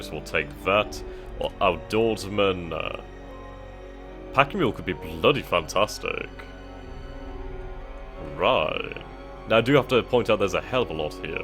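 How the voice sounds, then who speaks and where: A man hosting a game let's-play, reading the screen aloud and musing as he picks options, with hesitations. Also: sits low. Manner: reads on-screen text aloud, thinks out loud with hesitations. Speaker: gaming channel host. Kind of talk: casual let's-play commentary.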